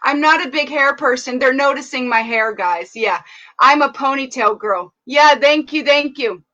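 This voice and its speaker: A young woman praying fervently and preaching to a live audience online, greeting viewers warmly by name. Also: high voice, moderate pace, muffled recording. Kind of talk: prayer and sermon.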